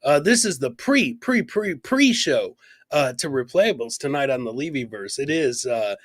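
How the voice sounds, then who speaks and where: A man's voice: mid-range voice, very animated, moderate pace, no room sound. A man co-hosting a podcast, telling a story in a casual, profane way, laughing often and acting out the people he quotes. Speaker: podcast co-host.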